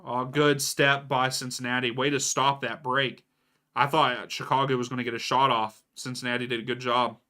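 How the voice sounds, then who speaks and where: A young adult man with a mid-pitched, flat voice and a sharp tone gives casual live commentary on a match for a watchalong stream at a moderate pace. He reacts to the plays and answers viewers, reading their chat names aloud.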